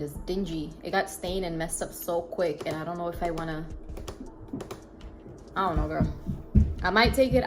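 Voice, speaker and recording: A woman telling a story to her viewers in a casual vlog, animated and chatty, talking to her phone camera in an emptied apartment. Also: fairly low pitch, background noise. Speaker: vlogger. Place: apartment during a move. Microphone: phone camera propped up.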